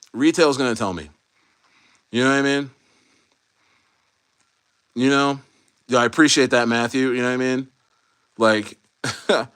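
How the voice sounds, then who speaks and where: A man's voice: medium pitch, fairly bright tone, no room sound, studio quality. An American man hosting a casual livestream, rambling and swearing freely, with many restarts. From United States. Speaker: livestream host.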